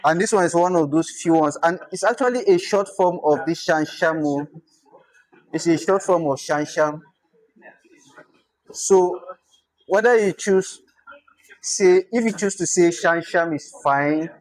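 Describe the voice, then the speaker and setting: Nigerian-accented language instructor, informal lesson, drills pronunciation by repeating words slowly. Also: mid-range voice, rough recording. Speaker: language teacher.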